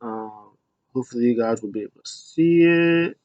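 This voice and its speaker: A man's voice: medium pitch, normal speed, a little mellow, dry recording, highs cut off. A man casually recapping a wrestling show, rambling with restarts and small chuckles.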